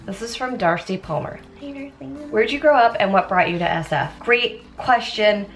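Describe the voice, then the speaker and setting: A woman's voice: medium pitch, expressive, moderate pace. A young American woman chatting in a rambling way while doing her makeup, often interrupting herself with asides. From United States. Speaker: beauty vlogger.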